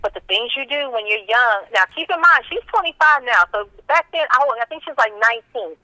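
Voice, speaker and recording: A woman co-hosts a radio talk show, trading celebrity gossip with a blunt, sassy edge. Her voice is bright and tense, and it sits dry and close in the studio. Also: a little high, expressive, brisk, dry recording, low-quality recording. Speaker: radio co-host. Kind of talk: casual celebrity gossip chat.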